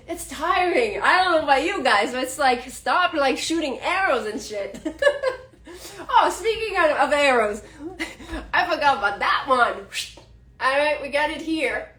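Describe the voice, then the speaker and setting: A French-accented woman talks slowly through a casual live astrology session, her voice sitting a little high. She laughs often and speaks straight to her viewers about spiritual things. The sound carries an echoey room around her. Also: lively intonation, pushed and bright. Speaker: astrology channel host.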